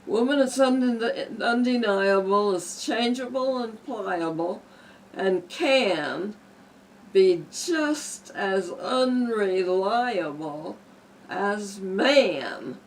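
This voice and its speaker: Centenarian woman, poetry recital from memory, unhurried, mid-pitched, occasional slips and restarts. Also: lively intonation, slight background noise, poor audio. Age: about 100. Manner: slow, deliberate recitation with small slips and restarts.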